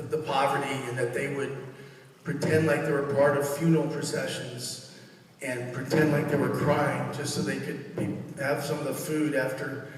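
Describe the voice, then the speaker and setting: A middle-aged man giving a funeral eulogy for his mother, halting and emotional, searching for words as he tells warm stories. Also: medium pitch, a little hiss or hum. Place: funeral service hall. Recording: echoey hall, far from mic.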